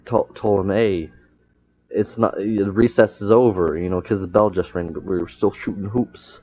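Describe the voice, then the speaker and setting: Halting young man telling a story. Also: on the low side. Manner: halting storyteller, many fillers and restarts. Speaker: podcast guest. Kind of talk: casual chat. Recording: muffled lo-fi sound.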